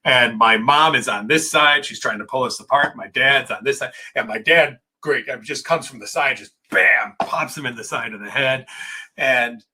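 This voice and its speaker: Husky, forceful male psychologist telling a story. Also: mid-range voice, poor audio. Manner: vivid, dramatic retelling with quick asides. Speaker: clinical psychologist hosting a live Q&A. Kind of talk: animated personal storytelling.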